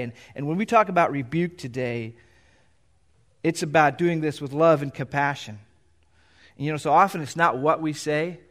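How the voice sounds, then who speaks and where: A middle-aged pastor preaching in a church, reading scripture aloud and explaining it in a loose, conversational way. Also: male voice, fairly high pitch. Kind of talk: sermon. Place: church sanctuary.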